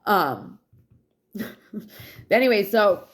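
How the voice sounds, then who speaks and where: A New England vlogger in her thirties tells stories from her past in a frank, rambling and profane monologue, drifting from one tale into the next. Her mid-range voice is very animated yet very slow.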